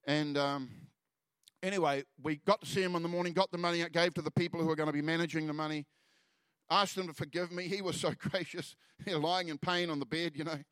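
Man preaching, earnest testimony, halting restarts, slightly high voice, dry close sound. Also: steady tone, smooth, no room sound. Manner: earnest storytelling, halting restarts, soft drops in volume. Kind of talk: sermon testimony.

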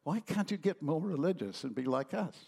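A man's voice: on the high side, expressive, brisk, creaky, darkish tone, slight background noise. A man preaching a sermon, telling stories animatedly and acting out the voices in them.

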